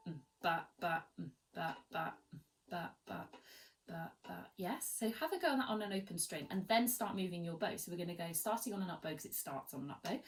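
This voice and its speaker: A woman's voice: on the low side, a bit bright, rough recording. A woman teaching violin in an online tutorial, encouraging and demonstrative, counting and singing rhythms aloud.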